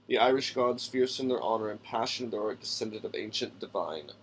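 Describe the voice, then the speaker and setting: A man's voice: on the low side, brisk, background noise. Man musing aloud over a rulebook. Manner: musing aloud, reading rules passages, stumbling over names. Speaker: tabletop game podcast host. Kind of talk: casual solo character-building talk.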